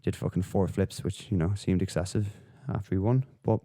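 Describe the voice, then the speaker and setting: A man's voice: deep voice, steady tone, fairly quick, mellow. A man hosting a solo podcast, rambling and swearing through casual commentary with lots of fillers. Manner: profane, rambling, with frequent fillers. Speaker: podcast host.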